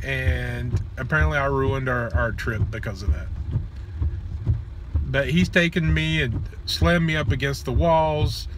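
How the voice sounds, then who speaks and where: A man's voice: mid-range voice, unhurried, background noise. A man vlogging, telling personal stories in a blunt, crude, joking and then earnest way, outdoors near a road. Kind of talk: casual personal storytelling.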